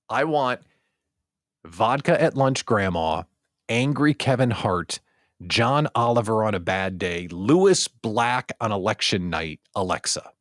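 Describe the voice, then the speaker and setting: A male host of a daily livestream talk show who speaks in an animated, joking way. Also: mid-range voice, dry recording, clean studio sound.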